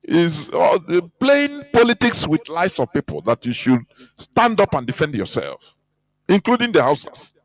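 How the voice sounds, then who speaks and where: A man's voice: on the high side, huge pitch swings, measured pace, no echo, poor audio. A man giving an impassioned, scornful radio talk, emphatic and mocking. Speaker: radio broadcaster.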